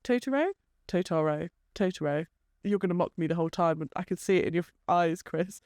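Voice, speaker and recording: A woman's voice: lowish voice, flat delivery, fast, darkish tone, no echo, studio quality. A woman co-hosting a casual chat, talking freely and laughing often. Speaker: podcast co-host.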